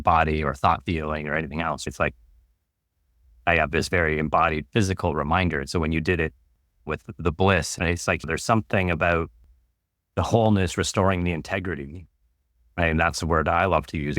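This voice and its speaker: A man with a very low, deep voice, speaking as a guest in a calm, musing way. He lingers over words and ideas, and the recording is dry and close. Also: dry recording. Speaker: author and guest. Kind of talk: reflective conversation.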